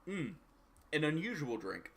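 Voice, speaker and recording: A man acting as game master, narrating scenes and ruling on dice in a relaxed, searching way. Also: on the high side, unhurried, a little hiss or hum.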